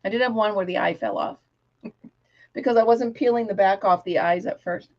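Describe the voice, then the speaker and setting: A woman's voice: medium pitch, moderate pace, highs cut off. A middle-aged woman hosting a casual craft livestream, chatty, laughing often and breaking into bits of song. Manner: chatty, laughs often, sings snatches of songs.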